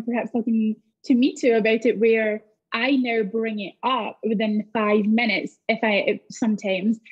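A woman's voice: a little high, slightly rough, muffled recording. A woman with a Scottish accent, a comedian telling a story on a discussion panel and acting out the dialogue. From Scotland. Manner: animated storytelling with acted-out dialogue. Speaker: comedian guest.

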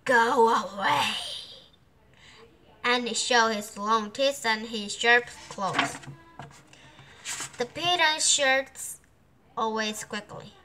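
Korean-accented woman, non-native, slow, bright children's book narration. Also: on the high side, slight background noise. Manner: careful, halting read-aloud. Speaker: storybook reader. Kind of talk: reading a children's picture book aloud.

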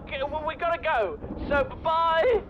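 A stammering, flustered caller for a video game, heard over a muffled phone line. His voice sits high and he keeps tripping over his words. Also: animated, moderate pace, heavy background noise. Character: frantic man calling on the phone.

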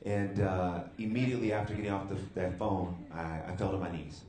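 In a big hall, a man shares his faith testimony with a live youth audience, lively and calling out to the crowd, his pitch jumping sharply when he gets excited. He keeps a moderate pace with hardly any pauses.

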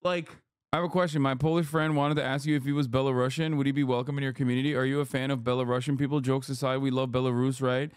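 A man's voice: medium pitch, level tone, fast talker, clean tone, no echo, clean studio sound. A man in his thirties giving casual, sarcastic and profane live commentary while reacting to a video as a streamer.

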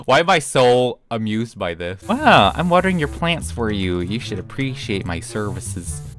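A man's voice: on the low side, sing-song, moderate pace, a bit bright, soft background music. A young man giving playful, chatty gameplay commentary, talking to himself as he plays and giggling often. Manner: chatty and giggly, talks to himself while playing. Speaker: gaming YouTuber.

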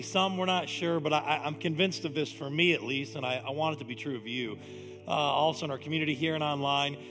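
A man's voice: fairly high pitch, a bit bright. A pastor in his forties giving a casual, conversational sermon, often dropping in "man". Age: 40s. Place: church sanctuary. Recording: long hall reverb, music behind.

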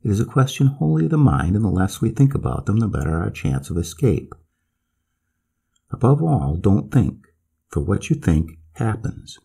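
Frightened Swedish companion voiced by a man, urgent pleading delivery, dark husky voice. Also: lowish voice, very animated, moderate pace, exaggerated voice. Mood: urgent warning.

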